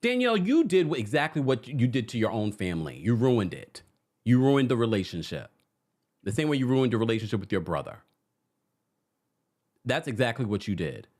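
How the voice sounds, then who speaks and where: In a medium-pitched, brisk voice, a man hosts a casual reality show recap for his viewers. He's animated, reading their comments aloud and acting out quotes as he talks to them.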